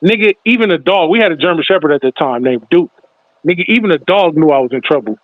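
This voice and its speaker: A man with a high voice tells a story in a lively way and plays the other people's voices. The sound is tinny and dry, like a phone line. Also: fast, dry recording. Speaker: podcast host. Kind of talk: casual storytelling.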